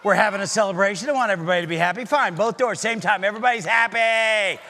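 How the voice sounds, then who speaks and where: A man doing comic magic-show patter for children, playful and teasing, calling loudly out to a live audience. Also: high voice, fast, background noise. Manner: playful, teasing, loud, calls out to the crowd. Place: synagogue sanctuary in front of a live audience.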